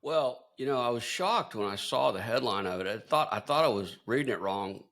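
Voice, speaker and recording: A man's voice: mid-range voice, expressive, fairly quick, fairly bright tone. A man co-hosting a podcast, talking in a casual, easygoing way, with hesitations while he thinks aloud. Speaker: podcast co-host. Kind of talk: casual conversation.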